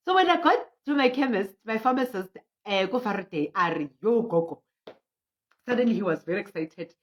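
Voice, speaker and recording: A middle-aged woman with a South African accent, a traditional healer hosting a livestreamed prayer session, telling stories in an animated way and reading out viewer comments. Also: medium pitch, a little fast. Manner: frequent laughter and restarts. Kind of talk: livestream talk. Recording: muffled lo-fi audio.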